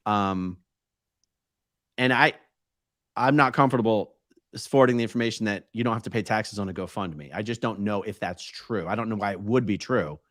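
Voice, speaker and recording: A man co-hosting a casual live stream, reading viewer comments aloud and thinking out loud. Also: lowish voice, normal speed, dry recording, studio quality. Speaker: co-host reading chat questions.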